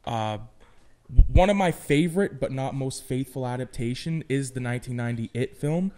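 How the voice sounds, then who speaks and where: Male podcast guest, warm and dark in tone, eager and opinionated. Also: medium pitch, normal speed. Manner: enthusiastic, opinionated. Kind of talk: casual chat.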